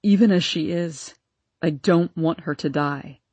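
A woman doing a grieving, pleading husband, low and breathy. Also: fairly even intonation, moderate pace, darkish tone, no room sound. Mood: pleading, anguished. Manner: pleading and choked with grief. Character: anguished devoted husband, a grown man. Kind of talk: audiobook character voice.

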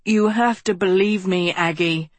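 A woman's voice: mid-range voice, measured pace, no room sound, natural voice. A woman voicing a young elfin boy who pleads with a wavering, tearful voice. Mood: urgent. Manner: pleading, voice wavering near tears.

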